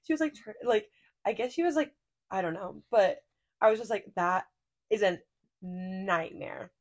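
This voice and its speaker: A woman's voice: medium pitch, moderate pace. A young adult woman co-hosting a podcast, telling stories in a casual, rambling way full of fillers and laughter. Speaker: podcast co-host. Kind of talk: casual chat.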